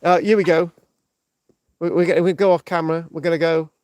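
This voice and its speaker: Rambling bloke on a live stream, high voice, swears loads, dry close sound. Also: male voice, flat delivery, a little fast, a little mellow, clear, resonant tone, dry recording. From United Kingdom. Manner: rambling, heavy swearing, frequent restarts and "right?". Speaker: livestream host.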